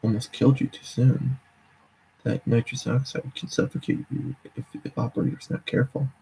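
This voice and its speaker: A man voicing a rotting zombie with a dry, coarse croak and deadpan sarcasm. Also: medium pitch, moderate pace, a little hiss or hum, lightly acted, rough recording. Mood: deadpan sarcastic.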